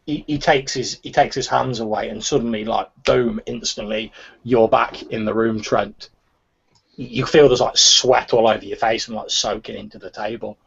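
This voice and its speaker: A man's voice: medium pitch, fairly even intonation, moderate pace, creaky, fairly bright tone, breathy edge, muffled recording. A man narrating a tabletop role-playing game as game master, with frequent restarts. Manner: hesitant, many restarts.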